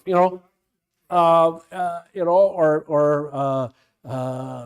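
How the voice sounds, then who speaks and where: A man's voice: fairly high pitch, steady tone, measured pace, clear, resonant tone. Rambling older pastor, a man. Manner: rambling, digressive, many restarts. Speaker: pastor leading Bible study. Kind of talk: informal Bible study teaching.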